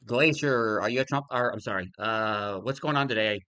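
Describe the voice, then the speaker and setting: A man's voice: fairly low pitch, moderate pace, pushed and bright, smooth, no echo. An older man hosting a casual live-stream talk show, easygoing and chuckling, loose with fillers. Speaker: podcast host taking callers.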